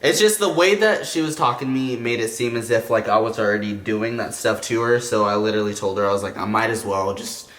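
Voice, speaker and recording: A man's voice: mid-range voice, fairly bright tone. Earnest young man in an echoey room. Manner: earnest, slow and halting, restarts often. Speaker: vlogger, partner in a couple channel. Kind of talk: emotional relationship talk to camera.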